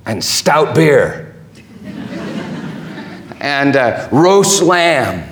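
A man preaching a sermon, impassioned, swinging from hushed tones to shouting. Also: a little high, expressive, slow pace, vocal fry.

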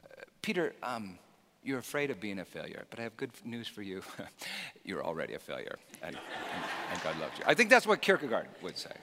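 A man preaching a sermon, swinging from loud emphatic shouts to quiet, hushed lines. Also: lowish voice, big pitch swings, brisk, big-room sound, a little hiss or hum. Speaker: pastor.

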